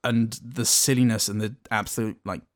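A man's voice: lowish voice, steady tone, normal speed, no echo. A man co-hosting a podcast, reviewing a movie in a casual, rambling and dryly amused way. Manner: rambling, dry, self-amused. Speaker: podcast co-host.

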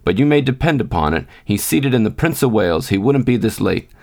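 A man's voice: medium pitch, expressive, brisk, lightly acted. A man reading as a bitter, weary miner's wife. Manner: bitter, sharp, scolding.

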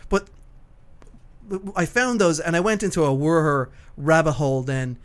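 A man's voice: on the high side, animated, measured pace. A man hosting a podcast in casual, rambling chat, swearing freely and laughing easily. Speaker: podcast host.

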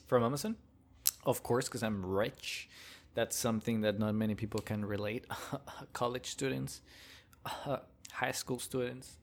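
A man's voice: mid-range voice, steady tone, moderate pace. A young man hosting a casual solo rant, rambling and joking with frequent chuckles. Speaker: podcast host.

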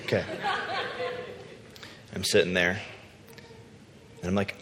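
A man preaching a sermon in a relaxed, conversational, self-deprecating storytelling way. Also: lowish voice, moderate pace, a little hiss or hum. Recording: long hall reverb.

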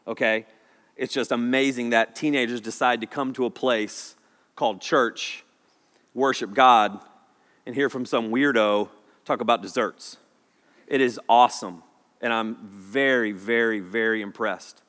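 Animated youth pastor in a hall. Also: male voice, a little high. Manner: animated, jokey, acts out little voices. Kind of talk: energetic comic sermon. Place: church sanctuary. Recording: long hall reverb.

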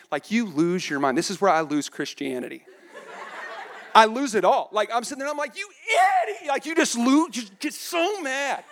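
A man in his thirties preaching a humorous sermon in church, laughing often and acting out quotes. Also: high voice. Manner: animated, laughing, acts out quotes. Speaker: pastor.

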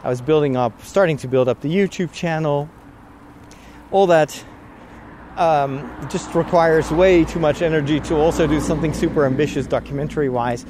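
A man's voice: fairly high pitch, moderate pace, a little mellow, slight background noise. A man talking casually on a walking vlog, rambling and chatty with frequent laughs, a little out of breath from walking outdoors. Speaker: vlogger. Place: outdoors on a walk.

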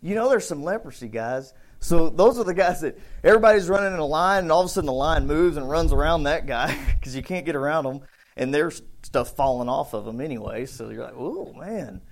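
A man preaching a casual, conversational sermon, acting out bits of the story with shouts and voices. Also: fairly high pitch, a little fast. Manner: conversational, thinks aloud with restarts. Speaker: pastor.

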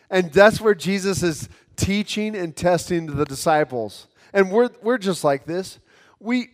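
A male preacher with a fairly high voice delivers an earnest sermon, doubling back on his words as he goes. A long reverb hangs after his phrases, as if he is speaking in a large hall. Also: moderate pace. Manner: earnest, repeats words as he restarts. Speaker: pastor.

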